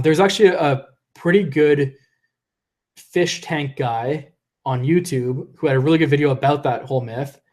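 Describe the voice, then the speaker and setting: A young man chats casually on a live stream in a middle-pitched voice. He is losing his voice, so he sounds a little worn. He rambles and stumbles through restarts between laughs. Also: a little mellow. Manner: rambling, self-interrupting, laughs often. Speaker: live-stream host reading viewer chat.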